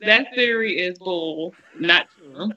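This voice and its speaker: A man's voice: sits high, takes it slowly, sharp tone, dull audio. A man on a podcast panel in casual chat, blunt and emphatic as he hands down his opinions.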